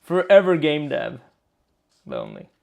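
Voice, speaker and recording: A man's voice: fairly high pitch, wildly swooping pitch, measured pace, creaky, darkish tone. A man co-hosting a live game design stream, chatting in a rambling, playful way and searching for words aloud. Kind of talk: casual chat.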